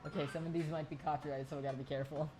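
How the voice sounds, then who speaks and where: A woman's voice: low voice, fairly even intonation, rapid-fire, over loud music. A woman streamer chatting casually and goofily while playing a game, giggling and swearing casually. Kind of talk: casual live-stream commentary.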